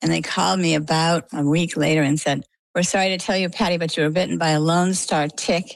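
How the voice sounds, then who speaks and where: Low gravelly older woman telling a story. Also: a little fast, no echo, rough recording. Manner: animated anecdotal telling with quoted dialogue. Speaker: interview guest. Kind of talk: conversational storytelling. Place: lives on the coast of Maine.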